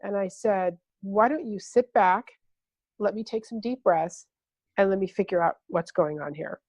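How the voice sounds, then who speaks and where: A middle-aged woman speaks as a podcast guest in a medium-pitched voice. She tells stories and repeats phrases for emphasis. The recording is dry and close. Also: normal speed, a little mellow, dry recording. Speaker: intuitive empowerment coach, guest. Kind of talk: conversational podcast interview.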